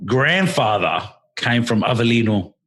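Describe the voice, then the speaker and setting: Australian male podcast co-host, husky, animated storyteller. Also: medium pitch, measured pace. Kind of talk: casual chat.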